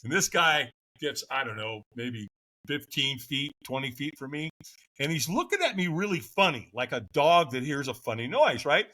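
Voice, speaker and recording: A middle-aged man, a podcast guest, telling a story with lively, acted-out voices and frequent laughs. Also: fairly high pitch, normal speed. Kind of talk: animated storytelling.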